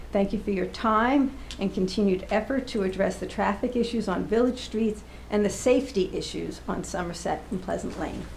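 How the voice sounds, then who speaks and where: A woman at mid pitch reads her public comment at a village board meeting, earnest and emphatic. Her voice rings in an echoey meeting room with a faint hum underneath. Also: gravelly, darkish tone. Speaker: resident speaking at public comment.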